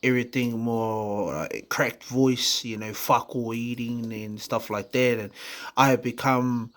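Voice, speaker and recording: A vlogger from New Zealand talks openly about his recovery in a steady, mid-range voice that's a bit bright, with a New Zealand accent. His delivery is halting, with lots of fillers, restarts and casual cursing.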